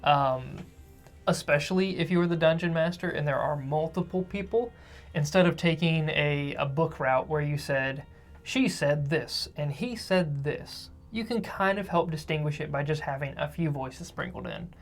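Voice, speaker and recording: A man co-hosting a podcast in casual chat, who calls himself a fast talker. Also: fairly high pitch, soft background music. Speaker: podcast co-host.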